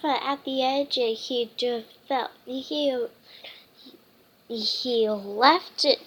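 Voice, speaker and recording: Woman reading a picture book, halting. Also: on the high side, fairly bright tone, low-quality recording. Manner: halting, with frequent fillers and restarts. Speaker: storytime reader.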